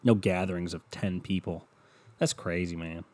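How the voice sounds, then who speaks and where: Recorded through a desk computer mic while he looks at online maps, a male podcast host rambles through his casual solo show with sarcastic swearing. His voice sits low and a little mellow, with a steady tone and moderate pace.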